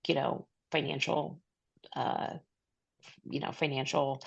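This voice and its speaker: Low gravelly woman, dull dry mic. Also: flat delivery, no echo. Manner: rambling, many fillers and restarts, quick bursts. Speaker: podcast co-host. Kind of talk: casual chat.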